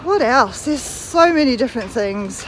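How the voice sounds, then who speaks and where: A woman's voice: a little high, lively intonation, normal speed, poor audio. Woman, New Zealand accent, 30s, rambling casual vlog chat, walking outside, phone mic, faint street noise. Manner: chatty, rambling, walking while talking. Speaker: vlogger.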